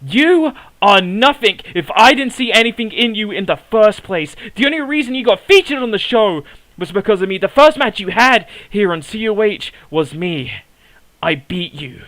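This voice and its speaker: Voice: medium pitch, expressive, moderate pace, no room sound, low-quality recording. Bitter, accusing wrestling promo voice. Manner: bitter, accusing, building to a shout.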